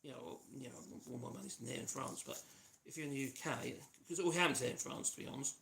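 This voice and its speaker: This East of England woodworker with a Norfolk accent has a mid-range, gravelly voice with a sharp tone and quick pace. Hosting his channel's casual livestream from a home workshop, he chats loosely and hums to himself while working, and sanding and tool noise make the recording noisy.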